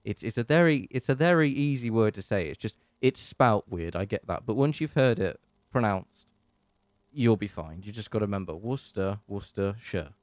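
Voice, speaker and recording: A man's voice: on the low side, animated, moderate pace, darkish tone, no room sound. A man with an English accent hosting a casual live-stream Q&A from his bedroom. He rambles and chats with lots of fillers and restarts, and he is hot and sweaty. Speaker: channel host.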